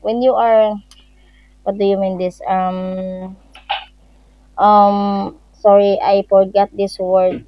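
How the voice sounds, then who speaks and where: A woman's voice: mid-range voice, level tone, slow pace, long pauses, dry recording, highs cut off. A woman chatting casually in second-language English, often searching for words and repeating "you know". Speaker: conversation partner.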